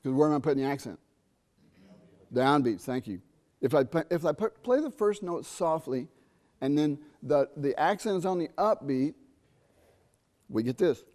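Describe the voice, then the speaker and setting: Middle-aged man teaching a trumpet masterclass. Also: fairly high pitch. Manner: animated, sings rhythms and asks students quick questions. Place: university theatre.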